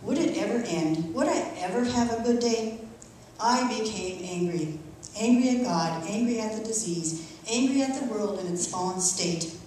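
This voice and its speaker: A middle-aged woman reads her personal testimony aloud in church, earnest and emotional yet steady. Her medium voice carries through a strongly echoing sanctuary from a distant microphone, with a faint hum of room noise beneath. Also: mid-range voice. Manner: earnest, emotional, measured reading. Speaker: church member giving testimony. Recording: echoey church from far off.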